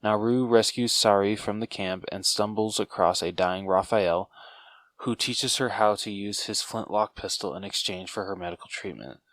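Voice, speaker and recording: A man co-hosting a podcast, reading a plot summary aloud in a steady way with a few stumbles and restarts. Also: lowish voice, normal speed, dry recording. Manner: steady read-through with occasional stumbles. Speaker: podcast co-host.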